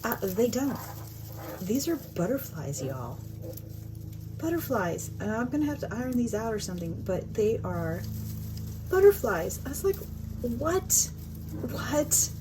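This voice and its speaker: A middle-aged woman, chatting excitedly through a craft shopping haul in a casual, gushing way. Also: medium pitch, noisy background. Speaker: craft vlogger.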